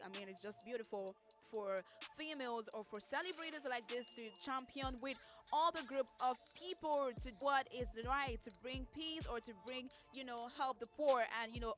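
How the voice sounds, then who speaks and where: A woman hosting a radio show, chatting casually through entertainment news and reacting openly to each story. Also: on the high side. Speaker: radio host. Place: radio studio.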